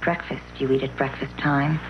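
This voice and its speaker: An actress playing a matter-of-fact wife in a 1970s TV commercial, answering flatly. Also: female voice, extremely low pitch, normal speed. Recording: dull noisy old TV ad audio.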